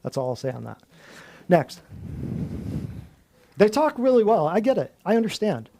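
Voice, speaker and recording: A man's voice: sits high, very animated, normal speed, gravelly, dark tone, slight background noise. A man hosting a natural health talk, preaching bluntly to a live group in a folksy, slangy way and piling up long emphatic lists. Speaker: natural health clinic host.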